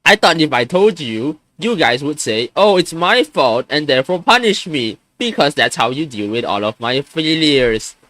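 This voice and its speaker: A man's voice: on the high side, sing-song, normal speed, hardly any pauses, pushed and bright, dry recording. A young man in his twenties venting on a live stream, frustrated and swearing, often stumbling and restarting his sentences.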